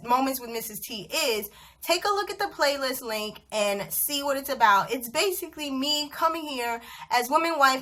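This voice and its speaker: A woman in her thirties telling a story to camera at home in a chatty, animated vlog style. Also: a little high. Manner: animated, chatty, acts out dialogue. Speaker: vlogger. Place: bedroom at home.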